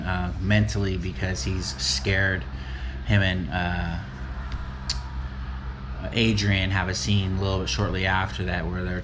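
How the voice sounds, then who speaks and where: A man's voice: deep voice, noisy background. A man talking casually and reflectively as a motivational vlogger, rambling and tagging his points with "right?". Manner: rambling, keeps asking "right?".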